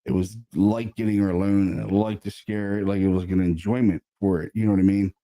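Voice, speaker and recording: Man, paranormal investigator, deep dark voice, casual storytelling, animated. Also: brisk. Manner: animated, conversational, swears casually, many fillers.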